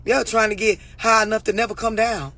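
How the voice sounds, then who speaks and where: A woman's voice: fairly high pitch, steady tone, a little fast, bright, forceful tone. A woman relationship coach talking straight to her viewers, blunt, profane and preachy. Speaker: relationship and mental health coach. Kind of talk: unscripted talk to camera.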